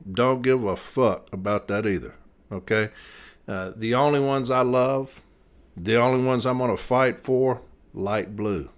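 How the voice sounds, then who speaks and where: A man's voice: medium pitch, measured pace. A man who works as a mail carrier, hosting a candid monologue that is earnest, blunt and full of swearing. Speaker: podcast host, mail carrier.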